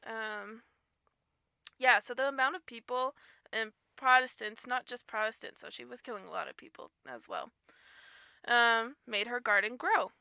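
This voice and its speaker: A woman hosting a casual podcast chat with friends, giggling as she tells a dark story. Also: a little high, expressive, normal speed, creaky, clear, resonant tone, no echo. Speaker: podcast host.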